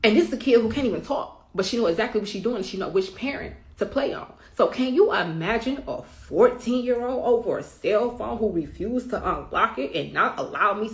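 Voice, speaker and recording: A middle-aged woman speaking bluntly and with emphasis, often swearing, as a mother telling her side in a storytime rant. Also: mid-range voice. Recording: roomy echo.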